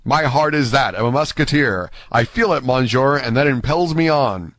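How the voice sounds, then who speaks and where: A man's voice: mid-range voice, lively intonation, normal speed, a bit bright, no echo, natural voice. A man voicing a fiery young male swordsman, speaking earnestly and proudly in a dry, close recording.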